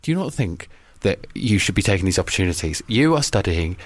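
A man's voice: deep voice, sing-song, fairly quick, dry recording. A man co-hosting a radio show, ribbing his co-hosts in casual banter. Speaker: radio co-host.

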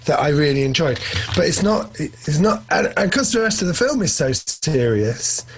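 Man, slightly high voice, husky and rough, rambling, eager film talk. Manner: rambling, heavy with "kind of, like"; enthusiastic, quick shifts into excited asides. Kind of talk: casual film discussion.

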